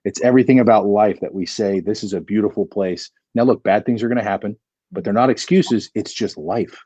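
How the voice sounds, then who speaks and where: Husky low-voiced guy in his 40s rattling off a story quick, kinda muffled dry sound. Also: no room sound. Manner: energetic, acts out dialogue in the story. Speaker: podcast guest. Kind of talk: animated storytelling in an interview.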